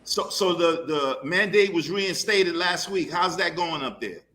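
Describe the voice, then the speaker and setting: Hesitant bright-voiced man panelist. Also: sits high, animated, slight background noise. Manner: hesitant, halting. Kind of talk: casual panel talk.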